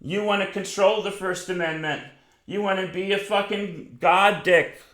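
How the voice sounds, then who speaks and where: A man's voice: high voice, steady tone, normal speed, a bit bright, roomy sound. A man delivering an aggressive, profane, grandiose rant straight at his listeners. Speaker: self-styled lecturer. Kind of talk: angry ranting monologue.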